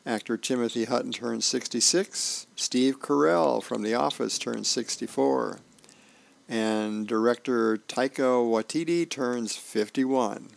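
A man, a volunteer reader, reading newspaper comics and birthdays aloud in a relaxed, homey way with small asides. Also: mid-range voice, takes it slowly, vocal fry.

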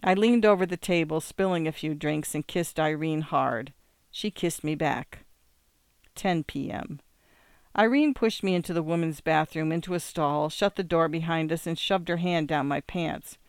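A man's voice: on the high side, normal speed, clear, resonant tone, no room sound. A man reading a first-person story aloud in a wry, plain-spoken way. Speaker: audiobook reader.

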